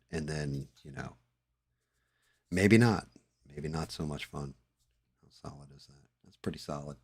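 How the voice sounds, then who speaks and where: A man's voice: very deep voice, a little slow, long pauses, breathy edge, dry recording. A man hosting a live stream, chatting casually and swearing as he paints at his hobby desk, talking into a headset. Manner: profane, mutters to himself while working. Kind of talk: casual chat while painting.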